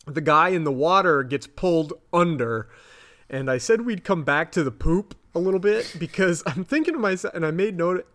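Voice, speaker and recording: A man co-hosting a podcast, casually recapping a TV episode in an animated way and jumping up high when he is grossed out. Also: clear, resonant tone. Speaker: podcast co-host.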